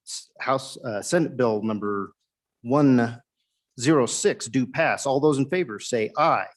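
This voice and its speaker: A man presiding over a legislative session, calling votes in measured, formulaic phrases. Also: medium pitch. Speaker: presiding chairman. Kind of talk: procedural chairing. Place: legislative chamber.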